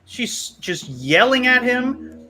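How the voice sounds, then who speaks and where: Brief: high-pitched male stream host, rambling, laughing, casual. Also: very animated, takes it slowly, pushed and bright, slight background noise. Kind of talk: casual live stream chat.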